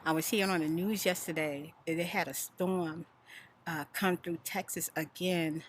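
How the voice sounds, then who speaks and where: A woman telling a story in a soft-spoken, chatty, animated way. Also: lowish voice, moderate pace, a little hiss or hum. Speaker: ASMR vlogger. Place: home in Houston.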